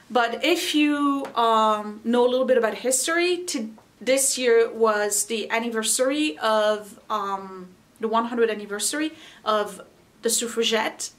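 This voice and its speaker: A woman's voice: on the high side, fairly bright tone. A middle-aged woman chatting casually to camera at home, rambling and laughing often as she talks about holiday decorating.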